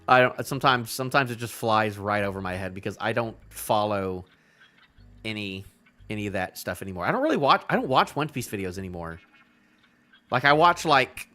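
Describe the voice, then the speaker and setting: A young man hosting a casual live reaction stream, talking in animated, rambling asides full of restarts. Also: lowish voice. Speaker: host reacting to a new comic chapter.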